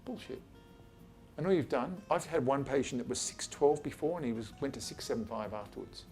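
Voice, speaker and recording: This Australian man speaks fast in a mid-range, darkish voice, with faint music in the background. He's an eye surgeon talking informally to a small group of colleagues in his office, chatty and blunt, casually swearing and playing out conversations with patients.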